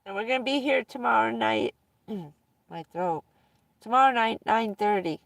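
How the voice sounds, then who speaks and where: A woman's voice: fairly high pitch, measured pace, creaky, a bit bright, no room sound, distant mic. A woman vlogger casually telling rambling personal stories to her viewers, often breaking into laughter mid-sentence.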